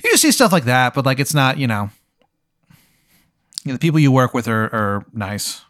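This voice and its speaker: A man's voice: mid-range voice, very animated, moderate pace, fairly bright tone, no echo, clean studio sound. A man hosting, improvising a comedic story in a rambling way, full of "like" fillers. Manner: rambling, heavy use of "like" fillers, laughs while talking. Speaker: host and game runner.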